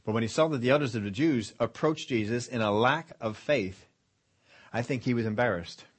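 A man's voice: mid-range voice, moderate pace, husky. A man preaching a sermon, retelling scripture and voicing what the people in the story might have said. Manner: storytelling preacher, acting out the centurion's words. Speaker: pastor.

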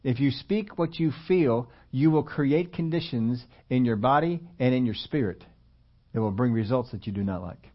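A man preaching a conversational sermon, at times rising loud and emphatic. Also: mid-range voice, normal speed, highs cut off. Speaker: pastor.

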